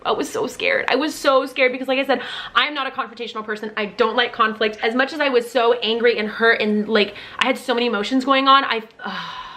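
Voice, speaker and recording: Bright-voiced young woman telling a story. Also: a little high, a little fast, a little hiss or hum. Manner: candid and expressive, with frequent "like" and profanity. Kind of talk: casual storytelling to camera.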